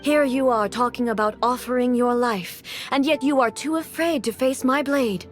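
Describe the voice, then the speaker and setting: An imperious ruler, voiced by a woman, speaks with cold, formal command in a game scene. Her voice sits slightly high and every word is measured. Faint game music plays behind her. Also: lightly acted.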